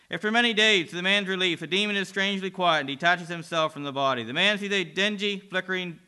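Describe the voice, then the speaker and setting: A man narrating a dramatic religious story, swinging between loud and hushed delivery. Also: fairly high pitch, smooth.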